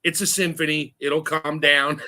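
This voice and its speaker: A man with a high, bright voice hosts a relaxed fireside chat. He tells his stories with laughter and acts out the sounds he describes. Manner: chatty storyteller, laughs often, acts out sounds. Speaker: host. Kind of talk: casual livestream chat.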